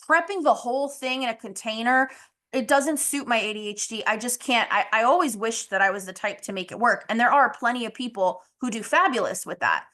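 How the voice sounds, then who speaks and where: A woman's voice: a little high, bright, forceful tone. A woman hosting a casual motivational podcast, talking candidly with lots of "like" and "you know" and the odd swear, her voice a little strained as she loses it. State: losing her voice, clearing throat. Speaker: podcast host.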